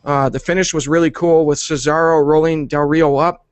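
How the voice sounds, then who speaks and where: A man hosting a wrestling review show in a relaxed, chatty way. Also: on the high side, moderate pace, clean tone, no room sound.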